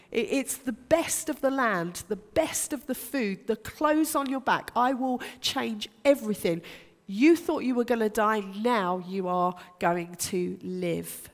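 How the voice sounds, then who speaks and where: A woman preaching a sermon, earnest and emphatic, building to rhetorical questions. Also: a little high. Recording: long hall reverb.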